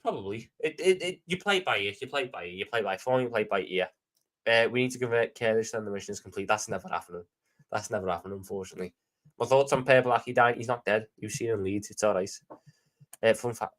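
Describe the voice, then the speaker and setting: A man's voice: lowish voice, fast. A man with a Scouse accent chatting casually on a live stream, reading viewer questions and answering them off the cuff.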